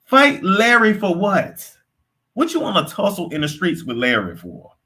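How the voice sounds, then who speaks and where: A young man giving casual, profane gossip commentary, animated and quick to react, sometimes slipping into put-on accents. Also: high-pitched. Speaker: commentary host.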